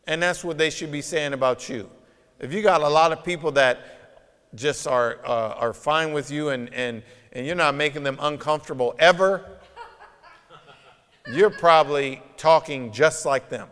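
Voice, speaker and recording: A man's voice: a little high, normal speed, fairly bright tone, clear, resonant tone. A man preaching a sermon as pastor, emphatic and conversational, with many rhetorical questions, recorded in a church sanctuary. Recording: long reverb of a church hall.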